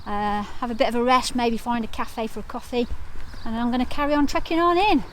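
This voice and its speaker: A woman's voice: a little high, brisk, fairly bright tone, slight background noise. A middle-aged woman talking chattily to a handheld camera while hiking outdoors, often laughing. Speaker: hiking vlogger. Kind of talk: casual vlog to camera.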